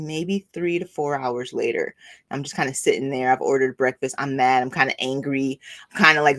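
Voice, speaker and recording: A middle-aged woman, a spiritual coach, telling a rambling, animated story on her weekly livestream, full of fillers. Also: deep voice.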